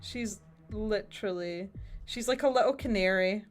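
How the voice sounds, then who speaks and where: A woman's voice: mid-range voice, moderate pace, faint music behind. A middle-aged woman, rambling in a casual chat while she paints on a livestream and swearing freely. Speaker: streamer.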